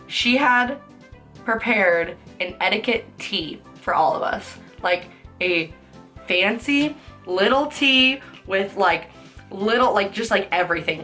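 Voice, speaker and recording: A beauty vlogger on the low side of pitch, with a fairly bright tone, tells embarrassing stories. The young adult woman is casual and chatty, laughing a lot, cursing, and full of "like" fillers.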